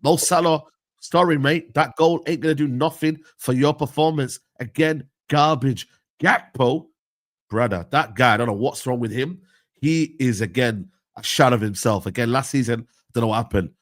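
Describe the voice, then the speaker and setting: A man's voice: mid-range voice, moderate pace. A young man, ranting about football in a heated casual debate, full of slang. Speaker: football pundit and United fan.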